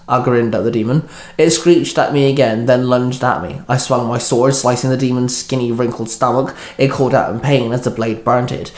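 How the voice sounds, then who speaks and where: A man narrating a first-person fanfic story with steady, plain reading. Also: medium pitch, normal speed. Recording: echoey room.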